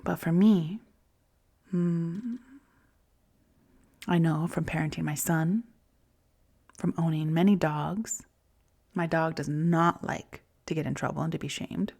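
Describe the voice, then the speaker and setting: A woman in her forties hosting a reflective self-help podcast, talking softly and often in a whisper, soothing herself. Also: deep voice, takes it slowly, vocal fry, long pauses. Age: 40s. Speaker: podcast host.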